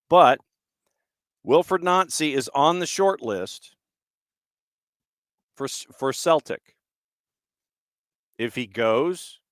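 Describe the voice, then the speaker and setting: A man hosts a soccer talk show in a casual, opinionated way. He keeps throwing out rhetorical questions. His voice is smooth and resonant, with a dry, close sound and no room echo. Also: mid-range voice, a bit bright. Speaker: soccer podcast host. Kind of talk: casual solo commentary.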